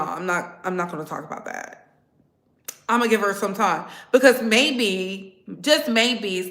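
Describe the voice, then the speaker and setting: A woman's voice: on the high side, bright, forceful tone, roomy sound. A woman hosting a casual livestream, blunt and sassy, talking straight to her viewers in the chat. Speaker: livestream host.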